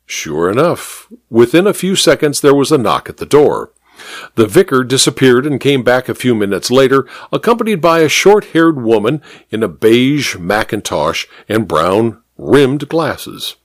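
Man, mystery radio host, storytelling narration, animated pitch, dry close sound. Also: no echo. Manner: expressive, measured reading.

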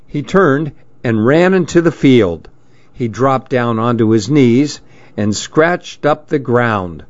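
A man reads a story aloud in the first person with a deadpan, even telling. His pace is slow and unhurried at a mid pitch. The audio is dull and lo-fi. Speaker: narrator. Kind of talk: scripted storybook narration.

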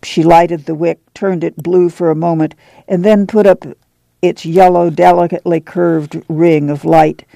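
A man narrating an audiobook in a measured, even storytelling manner. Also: a little high, creaky, no room sound.

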